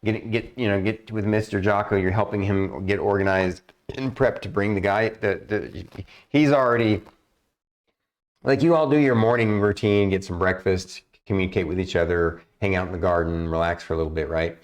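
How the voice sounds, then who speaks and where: A man's voice: deep voice, fairly even intonation, normal speed. A man narrating as game master on a tabletop game stream, rambling with many fillers and restarts.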